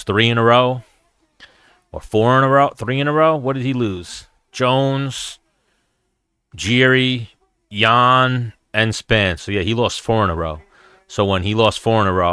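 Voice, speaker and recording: A man's voice: lowish voice, moderate pace, sharp tone, clean tone, dry recording, studio quality. A man hosting his show, chatting casually and profanely as he reacts and tells stories. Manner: profane, storytelling. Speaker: show host.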